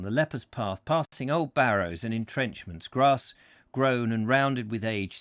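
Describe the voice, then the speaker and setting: A man's voice: fairly low pitch, no room sound. A man hosting a live book reading, reading expressively and breaking off for casual asides. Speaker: host, book reader.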